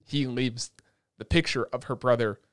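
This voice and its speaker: Excitable guy hosting an anime podcast, swears a lot, dry sound, medium voice. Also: medium pitch, moderate pace, clear, resonant tone, no room sound. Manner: excitable, profane, laughs often. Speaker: podcast host. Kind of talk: casual anime review chat. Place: at home, talking over Discord.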